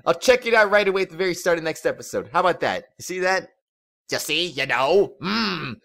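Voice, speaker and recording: A man hosting a let's play, talking in an excitable, rambling, chatty way. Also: sits high, a little fast, gravelly. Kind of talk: casual game commentary.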